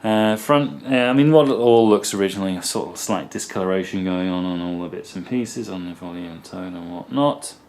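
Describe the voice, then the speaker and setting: A man's voice: low voice, a little fast, few pauses, a little mellow. A man presenting a guitar in a casual, rambling way, with many ums and asides. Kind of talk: casual talk to camera.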